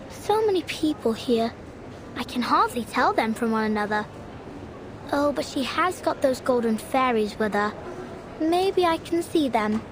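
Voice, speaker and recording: A woman's voice: high-pitched, noisy background. An actress playing a curious, spunky young girl who chats informally in a game. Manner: chatty, wondering, informal. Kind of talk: game voice acting.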